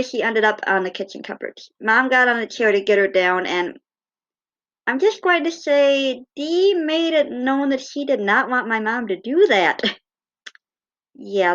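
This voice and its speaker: A woman telling fond, gently humorous personal stories in a casual way. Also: medium pitch, dull audio. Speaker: cat owner.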